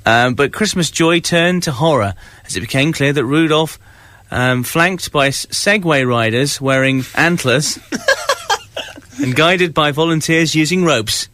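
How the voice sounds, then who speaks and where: Teasing radio host, slightly high voice. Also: male voice, measured pace, sharp tone, no echo. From England. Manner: teasing, reads news stories aloud with mock drama. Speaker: radio breakfast show host. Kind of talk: casual radio banter.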